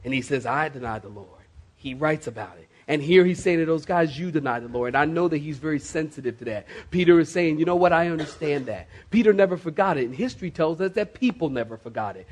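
A man preaching a sermon to a congregation in a church, slowing down sharply to stress key phrases and rising in emphatic bursts. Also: a little high. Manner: preaching with dramatic slowdowns and sudden rises. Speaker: pastor. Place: church sanctuary.

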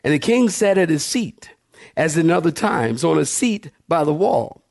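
Pastor who reads scripture and adds folksy asides; man, slightly high voice. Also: animated, moderate pace, creaky. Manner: reads verses, then breaks off for folksy asides. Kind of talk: sermon, reading scripture aloud.

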